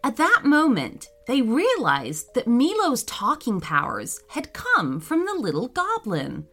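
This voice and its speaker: Slow, expressive woman reading a kids' story. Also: fairly high pitch. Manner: slow, expressive read-aloud. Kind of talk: children's story narration.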